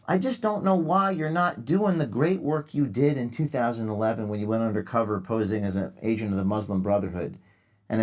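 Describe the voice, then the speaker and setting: Sarcastic man hosting call-ins. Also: mid-range voice. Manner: sarcastic, mock-earnest lecturing. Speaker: show host taking calls. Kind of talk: live call-in show.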